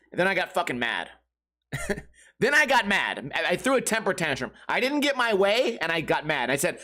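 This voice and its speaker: Animated, ranting male podcast host. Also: sits high, fairly quick. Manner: animated, profane storytelling with shouted outbursts. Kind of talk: comedic rant.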